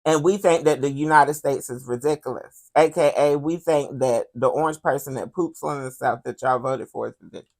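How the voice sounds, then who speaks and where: With a bass voice that moves a little fast, a female podcast host riffs on current events with sass and animation, repeatedly addressing the listener as "honey."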